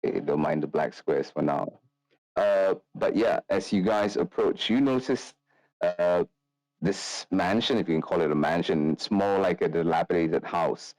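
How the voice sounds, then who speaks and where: A man narrating as game master of a tabletop game, in a loose, relaxed way with many fillers. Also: sits low, normal speed, no echo, low-quality recording.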